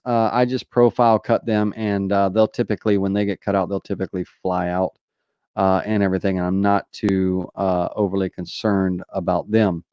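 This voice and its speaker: A man with a Southern US drawl answers viewer questions in a relaxed live tutorial, stopping often on "uh" and "you know". His voice sits fairly low and sounds smooth and clear. The recording is dry, with little room sound. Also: no room sound, highs cut off. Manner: casual, many fillers like "uh" and "you know".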